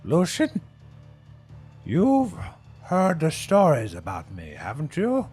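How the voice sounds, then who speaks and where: A man voicing a gruff, stubborn old man who talks in a blustering, threatening way. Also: fairly high pitch, wildly swooping pitch, takes it slowly, a little mellow, faint music behind, voice pushed up, heavily acted.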